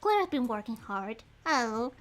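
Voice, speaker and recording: A woman streaming a detective game, chatting in a rambling, apologetic and excitable way as she reads clues and thinks out loud. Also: a little high, measured pace. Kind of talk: casual livestream chat.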